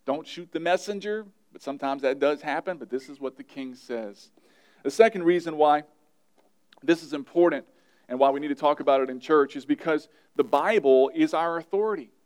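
A man's voice: fairly high pitch, normal speed, darkish tone. A male pastor, around his thirties, preaching an emphatic sermon and repeating his key phrases.

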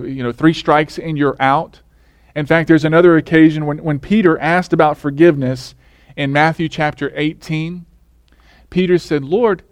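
A man's voice: on the high side, dry recording. A male pastor preaching a sermon in a conversational way, often putting questions to the congregation.

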